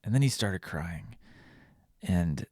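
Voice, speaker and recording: Male podcast host, low and gravelly, dry close sound, casual rambling delivery with crude humor. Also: lively intonation, takes it slowly, a little mellow, no room sound. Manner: rambling, self-deprecating, crude jokes. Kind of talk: casual solo podcast monologue.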